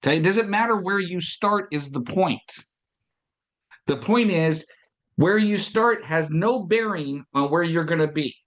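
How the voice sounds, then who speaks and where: A man's voice: a little high, lively intonation, a little slow, a bit bright. A man hosting a podcast, giving an emphatic motivational talk on sales, repeating key points and acting out past conversations. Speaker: podcast host and business coach.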